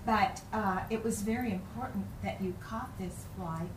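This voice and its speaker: A woman in a group, recalling a story haltingly with many pauses. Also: mid-range voice. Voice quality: halting, many fillers and restarts. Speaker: group participant. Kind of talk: hesitant recollection in a group discussion. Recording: distant, echoey, noisy.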